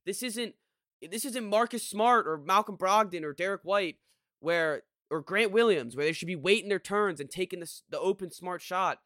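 On a podcast, a man talks sports in a casual, frustrated ramble, frequently breaking off to restart what he's saying. He speaks at a normal speed in a bright voice that runs a bit high for a man. The co-host is recorded close and dry, with no room sound at all.

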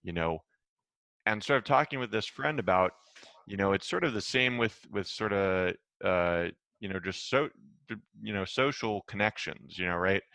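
A man's voice: on the low side, animated, normal speed, vocal fry, pushed and bright, no room sound. A man hosting an interview, speaking hesitantly and filling gaps with "you know". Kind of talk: casual interview talk.

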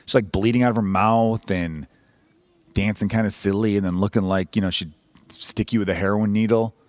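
A man's voice: lowish voice, fairly even intonation, brisk, no room sound. A man hosting a podcast, talking in a casual, rambling, wry comedic monologue full of swearing. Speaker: podcast host.

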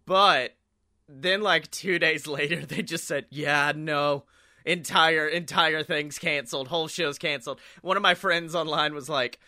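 Young man, casual co-host, bright ringing voice, fairly high, jokey with quick impressions. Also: fairly even intonation. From Alabama, US. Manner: joking, does quick impressions, swears. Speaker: podcast co-host. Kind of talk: casual chat.

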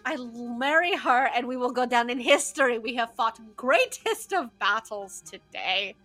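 Woman GM voicing a young hyena prince: earnest, besotted, fake heavy accent, bright tone. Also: a little high, lively intonation, soft background music, full character voice. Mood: pleading. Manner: put-on Slavic-sounding accent, slow and pleading.

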